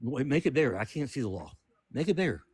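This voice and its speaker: A man's voice: mid-range voice, very animated, fast talker, husky, no room sound. A man calling into an online debate, combative and interrupting, often stumbling over restarts. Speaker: call-in debate guest.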